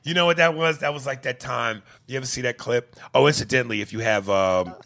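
A man hosting a podcast, reading listener emails aloud in casual chat, profane and quick to laugh. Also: medium pitch, gravelly. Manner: profane, laughing, animated reader.

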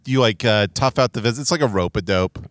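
A man's voice: fairly low pitch, fast, no room sound. A man in his thirties co-hosting a podcast, joking and riffing in casual chat. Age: 30s. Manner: joking, riffs and chimes in with bits. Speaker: podcast co-host.

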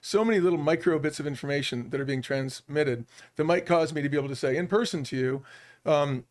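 Fast, animated middle-aged man. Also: a little high. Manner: animated storyteller who acts out quoted dialogue. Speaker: podcast guest, business leader. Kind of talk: podcast interview.

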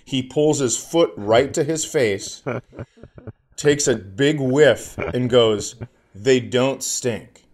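A man's voice: mid-range voice, slow pace. A man in his forties, a podcast co-host telling a comedic story in casual chat, acting out the people in it. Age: 40s. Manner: animated storyteller, acts out voices.

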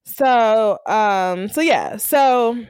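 A woman hosting a casual podcast recap, retelling scenes and acting out the characters' lines with lively energy. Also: fairly high pitch, drawn-out words, smooth, no room sound, clean studio sound. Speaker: podcast host.

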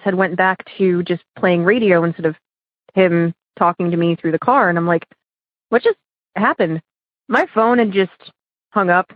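A woman's voice: medium pitch, no echo. A woman calling in from Ohio, chatting through a story with many fillers and laughs. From Ohio, USA. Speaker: caller. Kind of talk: casual phone-in story. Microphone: phone. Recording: tinny dry phone line.

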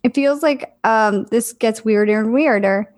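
A woman in casual chat as a psychic medium, talking in a hesitant, musing way with many fillers and pauses. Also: a little high, darkish tone.

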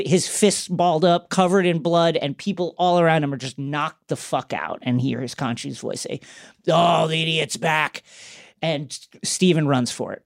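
Chatty podcast host recapping a show. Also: medium pitch. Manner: loose and chatty, with fillers and swearing. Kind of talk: casual plot recap.

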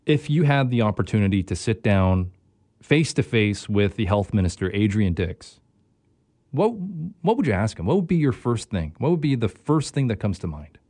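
A man's voice: fairly low pitch, big pitch swings, normal speed, a little mellow, no room sound, studio quality. A man hosting a radio show, interviewing a guest in a sympathetic way and repeating words as he goes. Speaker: radio host.

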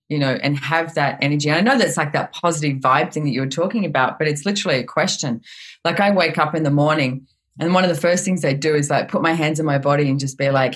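Woman, very low voice, podcast guest, animated storytelling, casual talk. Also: fast talker. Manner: animated storytelling with frequent "it's like". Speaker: guest author.

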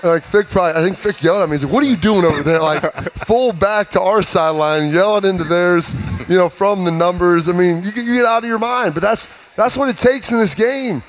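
A man in his thirties, a former player, telling stories in an animated, emphatic way during a casual sports chat. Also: high-pitched, brisk, hardly any pauses, a little hiss or hum.

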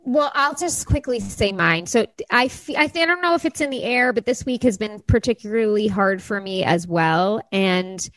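A woman's voice: medium pitch, moderate pace, few pauses, fairly bright tone, dry recording, poor audio. A woman in her thirties co-hosting a podcast, speaking earnestly and emotionally about her week. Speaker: podcast co-host. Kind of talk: casual chat.

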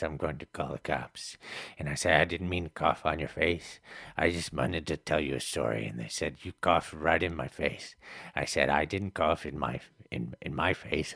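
A man's voice: very deep voice, gravelly, bright, forceful tone, husky, dry recording, studio quality, exaggerated voice. A man playing a rambling, stammering eccentric leaving a long voicemail in an improvised comedy bit. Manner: stammering, rambling, acts out the people at doors.

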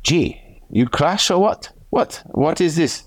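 Excitable Italian team staffer, hammy put-on accent, high and exclamatory, as a man puts him on. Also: takes it slowly, dry recording. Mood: bewildered.

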